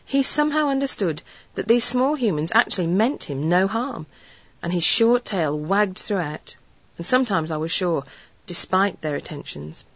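A woman narrating a story in an earnest, measured storytelling way. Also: on the low side, expressive, dry recording, highs cut off. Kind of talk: audiobook narration.

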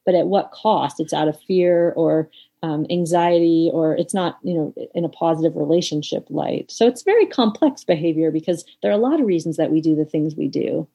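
A middle-aged woman speaks as an interview guest, reflective and thoughtful, scattering fillers as she works through her ideas. Her voice sits a little low and has a warm, mellow tone. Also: a little fast, creaky, breathy edge, poor audio. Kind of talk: conversational interview.

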